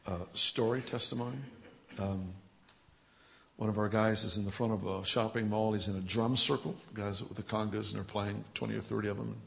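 Church leader, male, gravelly voice, interview storytelling with chuckles, builds to lively energy. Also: on the low side, a little fast, slight background noise. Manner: storytelling, chuckling, grows animated and loud. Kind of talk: telling healing testimonies in an interview.

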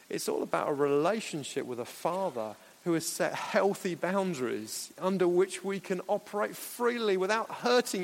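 A preacher delivers a sermon in an earnest, conversational manner with playful asides. His voice sits high for a man and has a gravelly, creaky texture. It echoes through a large hall.

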